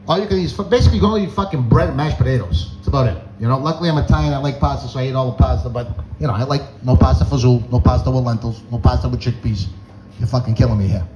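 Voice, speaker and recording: A man's voice: medium pitch, warm tone, highs cut off, a little hiss or hum. A man doing stand-up, groggy from medication, telling rambling, profane stories and laughing at his own jokes. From Boston North End. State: groggy on antihistamine. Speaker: stand-up comedian. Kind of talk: stand-up storytelling.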